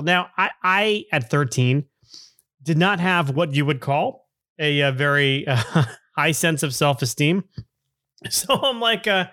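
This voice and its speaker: A man in his fifties hosts a storytelling podcast, rambling along with little chuckles between thoughts. His voice sits a bit higher than most men's and sounds close and dry, with no room around it. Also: measured pace, sharp tone, no room sound. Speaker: podcast host.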